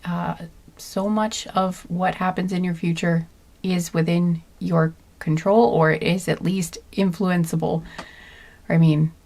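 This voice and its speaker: A tired woman giving a relaxed tarot card reading, soft-spoken and rambling, trailing off with fillers. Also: lowish voice, slow pace, gravelly. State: tired and sleepy.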